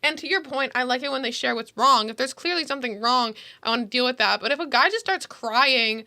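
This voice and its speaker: A young woman with a fairly high, bright voice chatting on a podcast. She pokes fun at herself and fills her sentences with "like.". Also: fairly quick, gravelly. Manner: self-mocking, lots of "like". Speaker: podcast co-host. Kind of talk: casual chat.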